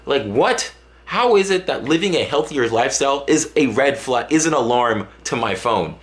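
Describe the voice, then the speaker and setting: A man's voice: mid-range voice, expressive, moderate pace. A man from Dallas, Texas, vlogging to camera in a casual, joking monologue full of exaggeration and restarts.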